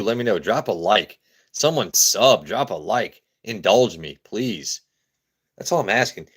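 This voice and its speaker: Casual low-voiced American man. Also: animated, unhurried, fairly bright tone, husky. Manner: joking, loose, reads chat aloud, stumbles and repeats. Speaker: livestream host reviewing whiskey. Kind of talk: casual live-stream chat.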